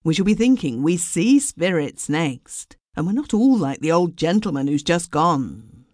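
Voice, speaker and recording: A woman's voice: lowish voice, sing-song, measured pace, darkish tone, no echo, clean studio sound, pitched above the performer's own voice. A woman doing a firm, cautious male guest. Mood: weary.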